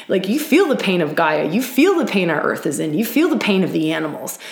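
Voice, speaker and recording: A woman's voice: on the low side, sing-song, a little fast, echoey room. Earnest woman leading a spiritual circle. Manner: earnest and emphatic, many "right?" asides and restarts. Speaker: circle leader. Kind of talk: live-streamed spiritual talk.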